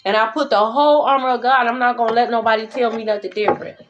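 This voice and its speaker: A woman's voice: a little high, fairly even intonation, fast, slight background noise. A woman tarot reader talking to her viewers in a casual spiritual monologue, blunt, profane and emphatic. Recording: dull lo-fi recording.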